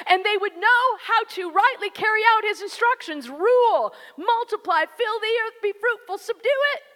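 Woman preacher, very high and bright voice, direct and emphatic sermon style. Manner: conversational, emphatic preaching that addresses the listeners directly. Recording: long hall reverb.

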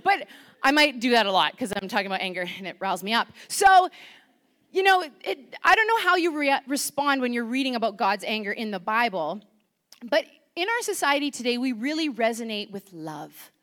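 Lively, animated woman preaching. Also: a little high, normal speed. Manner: animated, chatty, asks the audience questions. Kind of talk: sermon. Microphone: microphone to a congregation.

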